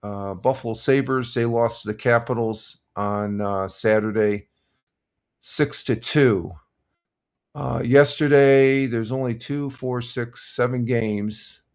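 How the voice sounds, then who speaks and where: A man's voice: mid-range voice, slow pace, clear, resonant tone. Older man rambling through sports scores. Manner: relaxed, rambling, many fillers and restarts. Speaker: live stream host. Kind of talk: casual morning chat reading sports scores and viewer comments.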